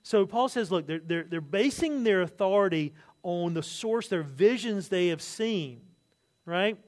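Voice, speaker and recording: A man preaching a sermon, telling stories with lively asides and jokes, acting out other people's words. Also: high voice, a little slow. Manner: animated storytelling, acts out quotes, asides and jokes. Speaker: pastor.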